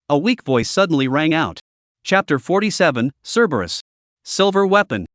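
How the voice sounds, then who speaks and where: A man narrating a scripted story recap in a steady, even reading voice. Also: fairly high pitch, a little fast, dry recording, studio quality.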